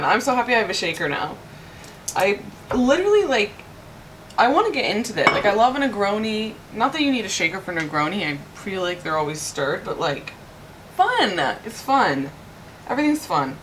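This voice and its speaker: A woman's voice: fairly low pitch, background noise. Chatty young woman vlogging from her kitchen. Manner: chatty and excitable, rambling asides. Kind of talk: casual chat to camera. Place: cold home apartment kitchen.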